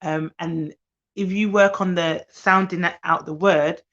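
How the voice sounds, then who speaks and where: A woman who works as a nanny gives chatty, fast-talking advice on a live stream while tired. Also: on the low side, fairly even intonation, fairly bright tone, lo-fi sound.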